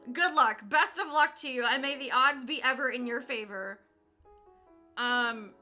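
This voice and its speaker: Young woman streamer, high piercing voice, chatty and teasing, swears freely, crafting on stream. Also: unhurried, pushed and bright, faint music behind. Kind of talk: casual live-stream chat while cross-stitching.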